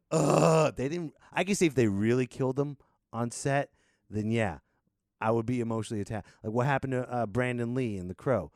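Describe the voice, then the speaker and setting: A man hosting a podcast in a sarcastic, rambling comic rant that swings from low mutters to loud outbursts. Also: fast talker, no echo, clean studio sound. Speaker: podcast host.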